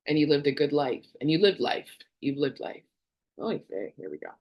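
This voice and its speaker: A woman's voice: sits low, sing-song, brisk, dull audio. Candid woman in her 40s from canada, chatty vlog talk, rambles and laughs a lot. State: tearful at times. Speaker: vlogger. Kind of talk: personal health vlog.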